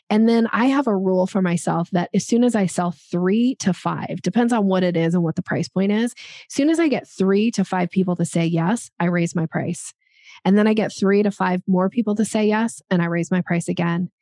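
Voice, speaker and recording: Woman, sales coach, gravelly edge, dry close sound, emphatic, acts out examples. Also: medium pitch, mellow, no echo. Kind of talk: conversational advice.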